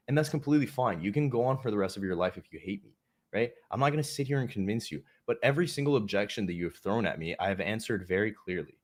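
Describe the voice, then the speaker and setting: Low-voiced man hosting a livestream, blunt and profane. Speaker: livestream host. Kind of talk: casual livestream chat.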